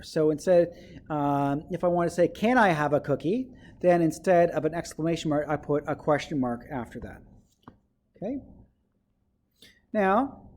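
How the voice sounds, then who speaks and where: A man's voice: high voice, darkish tone. A male teacher giving a writing lesson to children, explaining step by step and often checking in with "okay?".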